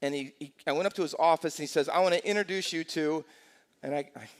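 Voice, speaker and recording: A man in his sixties, a pastor preaching a lively sermon in a church, telling stories and asking the congregation rhetorical questions. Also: a little high, quick pace. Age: 60s. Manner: energetic storytelling with rhetorical questions. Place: church sanctuary. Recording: long church hall reverb.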